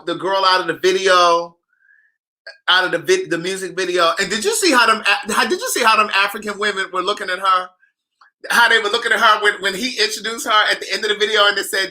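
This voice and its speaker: Sassy man with a very bright voice. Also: high-pitched. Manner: animated, sassy, talks straight to viewers. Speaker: author hosting a live chat. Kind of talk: casual gossip chat reading viewer comments.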